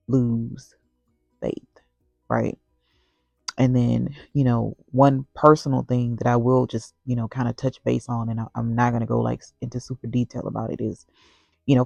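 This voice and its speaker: A woman with a heavily gravelly, creaky voice shares a heartfelt faith testimony in a rambling, casual way, filling every pause with "you know" and "like." Her voice sounds dry and close, with no room echo. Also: a bass voice, warm tone. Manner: earnest and heartfelt. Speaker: vlogger sharing a personal story.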